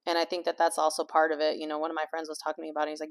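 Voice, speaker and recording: A woman who vlogs and works as a life coach chats candidly while cooking, rambling with lots of fillers and swearing. Her low voice is completely flat and very fast, picked up by a small clip-on mic.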